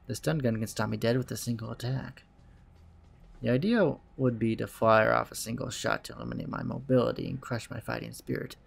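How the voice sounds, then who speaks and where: Male let's play host, gravelly voice, dry wry read of game narration. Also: mid-range voice, a little fast. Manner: dry, wry reading with asides. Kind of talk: reading a visual novel's narration aloud.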